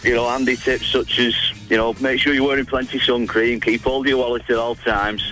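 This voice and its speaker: A man's voice: medium pitch, flat delivery, a little fast, pushed and bright, soft background music, poor audio. A man calling into a radio show, telling a holiday story in a dry, wry way. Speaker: caller. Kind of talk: phone-in storytelling.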